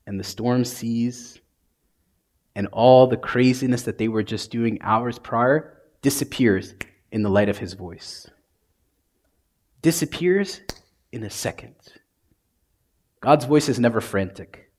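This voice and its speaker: A priest delivers a sermon in a husky, slightly breathy voice pitched at an ordinary level. He speaks slowly and casually with frequent pauses, turning dramatic at times and dropping into soft, hushed, intimate lines for emphasis.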